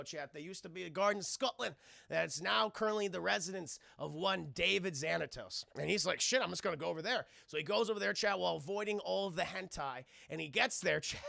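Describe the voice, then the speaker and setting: A man's voice: high voice, creaky, sharp tone, no echo, studio quality. A young man streaming a comedic cartoon episode recap, irreverent and profane, talking to his chat.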